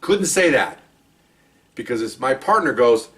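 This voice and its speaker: An older man, a retired police officer, casually telling anecdotes, animated and chuckling, talking in fits and starts. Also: medium pitch, measured pace, recorded from a distance.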